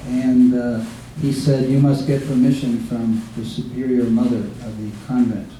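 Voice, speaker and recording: Recorded from a distance in a devotees' home, a man gives an informal devotional remembrance talk as a guest speaker. His voice is dark, mellow, mid-range, and level, and he rambles, halts, and restarts with plenty of fillers; the room echoes heavily and a faint hiss sits underneath.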